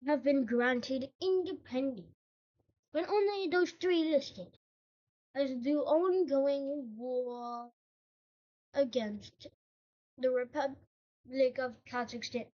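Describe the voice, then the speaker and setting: A woman's voice: sits high, takes it slowly, long pauses, dull audio, pitched above the performer's own voice. A woman voicing a president giving a formal declaration speech, putting on an accent she admits she is bad at. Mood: declaring. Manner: a self-admittedly clumsy put-on accent.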